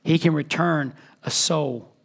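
A man preaching a sermon as pastor, impassioned, swinging between loud emphatic peaks and soft hushed lines. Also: a little high, slow pace, gravelly.

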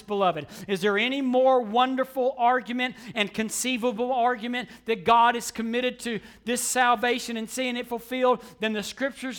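A man preaching a sermon, emphatic and repetitive, swinging between quiet asides and loud declarations. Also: high voice. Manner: emphatic preaching with repetition, surging louder and softer. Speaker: pastor.

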